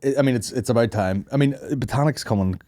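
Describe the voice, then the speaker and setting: A man's voice: medium pitch, fast talker, mellow. A man hosting a podcast, chatting casually in sweary, riffing banter. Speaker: podcast host. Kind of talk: casual comedic chat.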